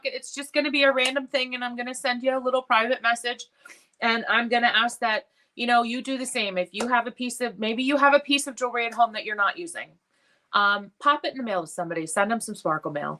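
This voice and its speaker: A woman hosting a casual live stream for her followers, emotional and tearful, speaking in a heartfelt, halting way with many pauses and fillers. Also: high-pitched, sharp tone, a little hiss or hum. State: tearful, has been crying. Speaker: jewelry business live-stream host.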